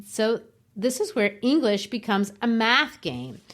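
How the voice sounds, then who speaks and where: A woman's voice: on the high side, very animated, a little slow, a bit bright. A middle-aged woman co-hosting a literature podcast, explaining verse rhythm like a teacher and tapping out the beats. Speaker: podcast co-host. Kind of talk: casual literature discussion.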